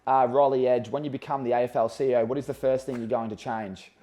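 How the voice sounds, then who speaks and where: A man's voice: medium pitch, fairly even intonation, fast talker, dark tone. An Australian man hosting a casual interview, chatting in long rambling questions and friendly banter. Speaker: podcast host, former footballer.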